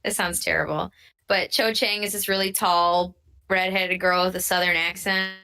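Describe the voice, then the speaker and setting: Woman co-host, bright and forceful tone, excitable chatter with plenty of swearing. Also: mid-range voice, normal speed. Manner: excitable and gushing, swears freely. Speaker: podcast co-host. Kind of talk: casual chat.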